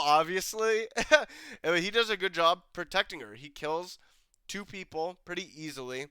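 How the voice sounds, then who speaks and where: Bright, crisp-voiced man reviewing a show. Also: a little high, normal speed, dry recording. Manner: rambling, with many fillers and restarts. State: stuffy nose from a cold. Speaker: TV review host. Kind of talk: casual commentary.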